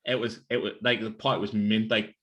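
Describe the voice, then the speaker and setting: Speaking briskly in a lowish voice with little pitch movement, a man co-hosts a laid-back podcast over beers, and the highs in the audio are cut off. His stories ramble, he swears freely, and "like" fills his sentences.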